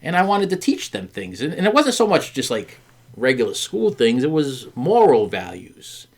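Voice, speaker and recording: A man's voice: medium pitch, wildly swooping pitch, moderate pace. A middle-aged man hosting a podcast, telling a story to his wife in a candid chat, stumbling over and repeating words with many fillers and acting out the people he quotes. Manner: earnest, acts out quoted voices. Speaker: podcast host.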